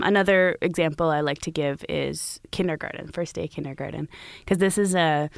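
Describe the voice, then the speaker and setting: A woman's voice: fairly low pitch, clean tone, no echo, clean studio sound. A woman co-hosting a parenting podcast, explaining ideas in a chatty way with many "you know"s. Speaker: podcast co-host. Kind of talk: casual podcast conversation.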